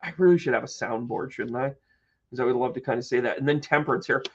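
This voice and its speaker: A man hosting a live-stream tarot reading who chats with viewers, playful and joking with quick asides. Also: medium pitch, lo-fi sound, a little hiss or hum. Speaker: psychic medium and tarot reader.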